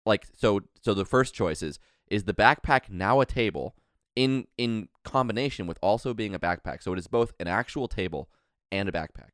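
A man with a fairly low, expressive, fairly bright voice speaks at normal speed in a clean studio recording with no room sound. Co-hosting a podcast, he tells a long, rambling story in casual conversation.

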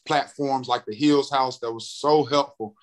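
Young guy from north carolina, comedian, talks big and jumpy, voice swings high on quotes. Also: unhurried, low-quality recording. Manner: animated, acts out quotes with big pitch jumps. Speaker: comedian and radio host, guest. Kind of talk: casual interview storytelling.

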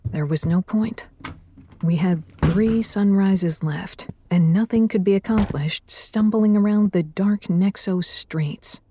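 Mellow woman narrating an audiobook. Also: medium pitch, slow, a little hiss or hum. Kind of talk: scripted first-person narration.

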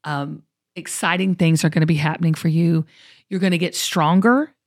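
A woman's voice: lowish voice, steady tone, normal speed, no room sound, studio quality. A middle-aged woman, hosting a casual chat and talking in an upbeat, motivational way. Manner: upbeat, motivational, uses y'all. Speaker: show host.

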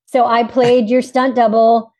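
A woman's voice: on the high side, little pitch movement, dark tone. A middle-aged woman, a guest on a podcast, chatting in an upbeat, talkative way. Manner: upbeat, chatty, quick to laugh along. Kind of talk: casual chat.

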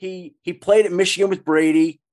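A man hosting a sports podcast, talking in an animated, emphatic and excitable way. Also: sits high, moderate pace, crowd noise. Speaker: podcast host. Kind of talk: casual sports chat.

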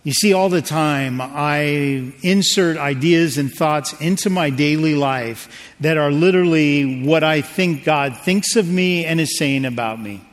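A pastor delivers a sermon, talking to his congregation in a loose, joking way and calling on them to answer. His voice sits a little high for a man. The sound rings with the long reverb of a large hall. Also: measured pace. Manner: conversational preaching with jokes and audience prompts.

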